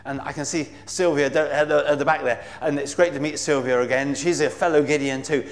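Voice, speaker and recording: A man's voice: on the high side, fairly even intonation, a little fast. A man giving an earnest, enthusiastic talk to a church congregation, with frequent fillers and cries of praise. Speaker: visiting Bible society speaker.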